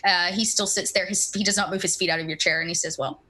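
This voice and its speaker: A woman running a tabletop role-playing game as game master, narrating scenes in a relaxed way with frequent fillers. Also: lowish voice, fast.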